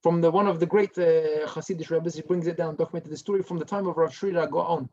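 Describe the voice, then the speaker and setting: A male rabbi giving a Torah lesson as a story, lively and dropping to a hush for the dramatic parts. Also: on the high side, fast talker, lo-fi sound. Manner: animated storyteller who drops to a hushed tone for dramatic parts.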